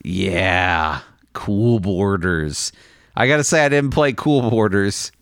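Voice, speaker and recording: A man with a low, gravelly voice co-hosts a casual podcast. His pitch swings a lot as he jokes and laughs often. The recording is dry and close. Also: sing-song, unhurried, fairly bright tone, no echo. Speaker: co-host.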